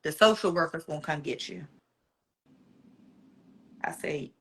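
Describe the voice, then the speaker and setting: A woman guest telling an emotional personal story, animated and acting out the voices of the people she quotes. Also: deep voice, a little slow, long pauses.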